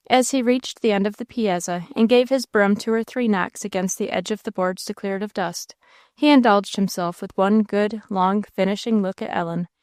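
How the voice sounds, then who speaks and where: A woman reading a classic novel aloud in steady storybook narration. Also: medium pitch, clear, resonant tone, dry recording, studio quality. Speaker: audiobook narrator. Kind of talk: scripted narration.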